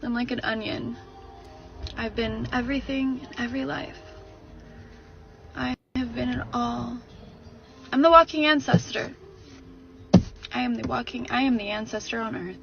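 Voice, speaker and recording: A woman with a slightly high, gravelly voice speaks emotionally and dreamily about herself. The sound is dull and lo-fi, like a replayed clip. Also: fairly even intonation, normal speed, long pauses, over music. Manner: emotional, dreamy and self-reflective. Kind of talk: casual personal talk.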